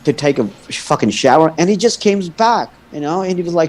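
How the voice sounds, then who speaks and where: A man in his thirties from India, telling stories in a casual chat, animated, swearing freely and laughing often. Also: fairly high pitch, brisk, few pauses, rough recording. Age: 30s. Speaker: guest.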